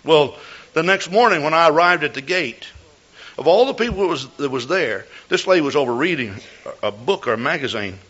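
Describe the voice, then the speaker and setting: A man's voice: a little high, animated, a little fast, fairly bright tone. An older man preaching a sermon as a pastor, telling a folksy story with repeated words and restarts. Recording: dull lo-fi recording.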